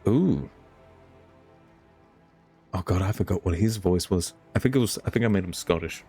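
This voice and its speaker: A man with a notably low voice talks through a game stream, muttering to himself and swearing casually. He reacts in short hums while he reads, and faint music plays underneath. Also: moderate pace, long pauses, mellow, slightly rough. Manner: muttering, swearing, thinking aloud. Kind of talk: casual gameplay commentary.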